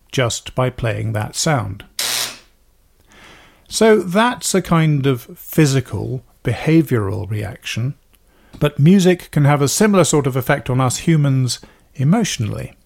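A man, a podcast host talking through ideas about music in a thoughtful, measured way. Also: mid-range voice, creaky, darkish tone. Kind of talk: explanatory talk about music.

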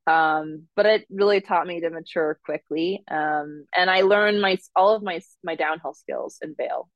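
A woman's voice: lowish voice, unhurried, no echo, dull audio. A woman from Minnesota with a Minnesota accent, a guest in an interview, talking in a rambling way with many fillers and restarts. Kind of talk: conversational interview.

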